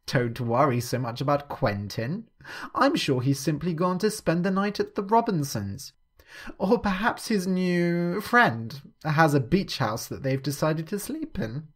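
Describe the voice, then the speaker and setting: Guy doing a giggly mocking young lady in an audio story, high and sing-songy. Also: lively intonation, unhurried, a bit bright. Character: young woman, teasing and playful.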